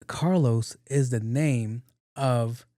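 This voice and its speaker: A middle-aged man, hosting a podcast and telling casual stories, profane and animated, laughing often. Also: mid-range voice, extremely slow, no echo, studio quality. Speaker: podcast host. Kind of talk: casual storytelling monologue.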